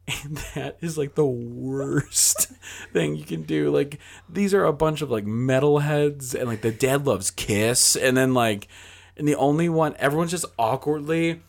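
A man's voice: mid-range voice, a little slow, gravelly. A young man on a podcast telling a long, casual story, full of fillers like "like," acting out what people said and swearing freely. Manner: rambling, filler-heavy, acts out quoted dialogue, swears freely. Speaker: podcast guest.

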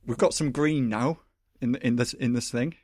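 A man's voice: mid-range voice, normal speed, dry recording, studio quality. Chatty man, rambling. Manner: rambling, animated, many fillers and laughs. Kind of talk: casual chat.

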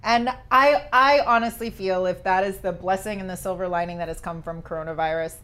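A woman's voice: lowish voice, brisk, fairly bright tone. A woman co-hosting a podcast, chatting casually and candidly and laughing easily. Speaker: podcast co-host. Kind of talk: casual chat.

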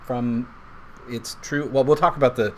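A man's voice: mid-range voice, steady tone, moderate pace, a little mellow, a little hiss or hum. A man hosting a casual whiskey tasting chat, playful and jokey, patiently explaining how to nose a glass. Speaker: host.

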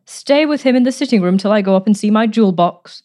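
A woman's voice: medium pitch, animated, quick pace, mellow, pitched above the performer's own voice, close to an everyday voice. A woman voicing a spiteful, domineering aunt with a harsh, grating voice in a read-aloud story. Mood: commanding. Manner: imperious, sullen, commanding.

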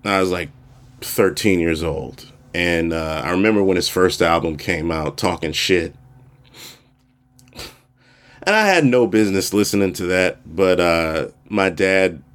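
A man's voice: low-pitched, animated, unhurried. A man from Maryland hosting his own podcast, telling a loose personal story at home with many fillers and restarts. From Prince George's County, Maryland. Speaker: podcast host. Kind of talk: casual solo storytelling. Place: home room.

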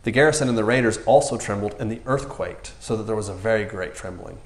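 A man's voice: on the low side, fast talker, reverberant. A man preaching a casual, joking sermon, acting out the characters in raised voices. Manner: animated, jokey, acts out characters with raised voices.

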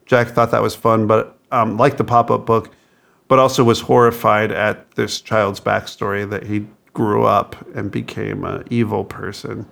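Guy with a gravelly voice, talks slow, laughs a lot reviewing a kids movie. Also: on the low side, little pitch movement, a bit bright. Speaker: podcast co-host. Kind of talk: casual movie review chat.

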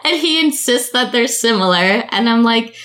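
A young woman co-hosts a podcast, chatting casually and telling stories while laughing often. Her fairly high voice is expressive and a bit bright, at a moderate pace.

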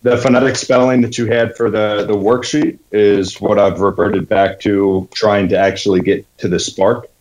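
A man's voice: fairly low pitch, flat delivery, normal speed, few pauses, a little mellow, rough recording. A man, an actor learning an accent, earnestly explaining his phonetic notes to his coach. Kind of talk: practising pronunciation in a coaching session.

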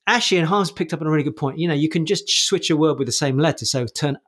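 Fast-talking husky man. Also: fairly high pitch. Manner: rapid, animated explanations with many restarts. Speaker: podcast co-host giving coaching advice. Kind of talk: casual conversational podcast talk.

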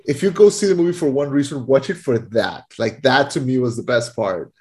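A man's voice: medium pitch, fairly quick. A man co-hosting a casual movie review chat, ranting with exasperation and many fillers. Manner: animated, exasperated ranting with frequent "like" and restarts. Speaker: podcast co-host reviewing a film.

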